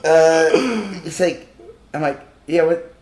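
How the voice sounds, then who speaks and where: A man's voice: on the high side, little pitch movement, slow, a little mellow. A man, co-hosting a podcast, telling a story in a rambling, self-deprecating way and swearing when worked up. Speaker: podcast co-host, artist. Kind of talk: casual chat, storytelling. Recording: roomy echoey room.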